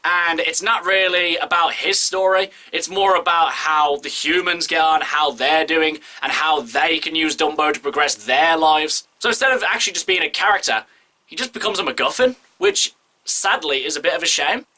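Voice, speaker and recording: Bright, chatty male film reviewer. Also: a little high, normal speed. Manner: chatty, opinionated, candid.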